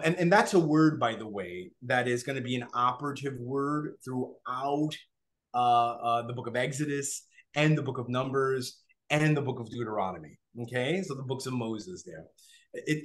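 A man teaching a Bible study in an animated way. He keeps checking in with his listeners and acts out what people would say. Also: medium pitch. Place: online class, remote listeners.

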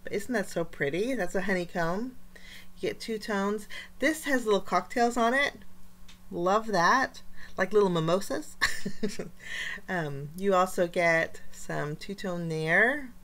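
A woman's voice: mid-range voice, slow, fairly bright tone. A woman hosting a casual craft unboxing, chatty and enthusiastic, with frequent fillers. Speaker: craft channel host.

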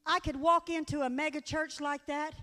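Earnest high-voiced woman preaching in a hall. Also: fairly even intonation, normal speed, bright, forceful tone. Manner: folksy, earnest, storytelling with direct appeals. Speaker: guest speaker at church. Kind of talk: sermon. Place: church sanctuary. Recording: long hall reverb.

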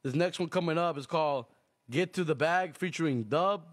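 A man hosting an online radio show in casual chat, laid-back, laughing often and giving shout-outs. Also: a little high, moderate pace. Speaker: show host.

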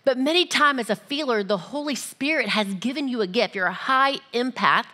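A woman giving a casual, lively church teaching, often acting out little voices and dialogues. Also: a little high, normal speed.

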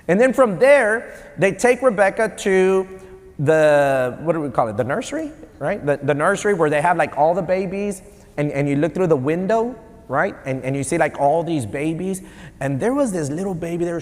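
A man in his thirties preaching a conversational sermon as a pastor, animated and joking between stories. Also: fairly high pitch. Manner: conversational, animated, quick asides and jokes. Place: church sanctuary. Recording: long hall reverb.

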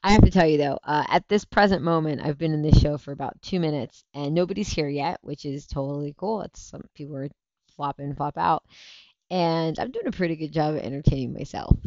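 A woman's voice: low-pitched, brisk, darkish tone, no room sound. A woman in her thirties hosting a casual talk show livestream, chatty and rambling, tired and burnt out. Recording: dull lo-fi stream audio.

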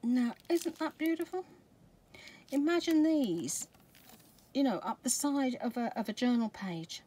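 Woman, Scottish accent, middle-aged, excitable unboxing chat, soft whispers, noisy background. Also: sits high, a little slow. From Scotland. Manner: gushing, excitable, drops to soft whispers over items. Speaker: craft vlogger. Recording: background noise with crinkling packaging.

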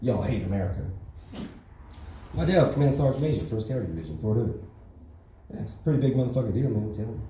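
Brash Texan comedian with a dark voice. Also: male voice, mid-range voice, expressive, fast, pauses often, slight background noise. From Texas. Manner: crude, brash and swaggering. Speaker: stand-up comedian. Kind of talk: stand-up set. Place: comedy club stage. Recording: echoey room from far off.

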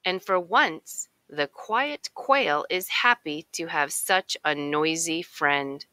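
A woman reading a children's picture book aloud in a slow, expressive storytelling way. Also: low voice, dry recording. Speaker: narrator.

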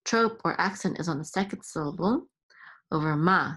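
A woman teaching Hebrew reading step by step, patiently repeating each sound and sometimes sliding into a soft near-whisper. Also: low-pitched, moderate pace, slightly rough. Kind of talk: slow step-by-step lesson.

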